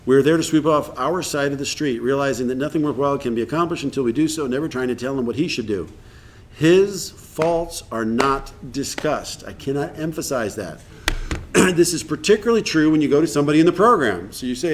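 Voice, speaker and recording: In a meeting room, a man leads a recovery workshop, speaking earnestly and acting out snippets of dialogue. His medium-pitched voice is expressive and brisk.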